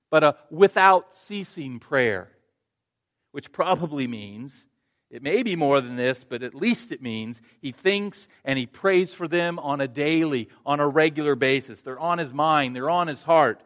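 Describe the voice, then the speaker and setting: A man's voice: a little high, expressive, a little slow, a bit bright. A male pastor preaching a sermon, earnest, restarting phrases and rising to emphatic points.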